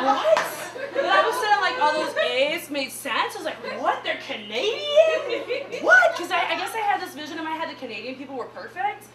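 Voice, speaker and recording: Midwestern woman comic, young, high and lively, laughy delivery; distant mic in a roomy club. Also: heavy background noise. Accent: Midwestern American. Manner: animated, laughing, high squeals on punchlines. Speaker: stand-up comedian. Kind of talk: stand-up comedy set. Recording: echoey room with mic far off.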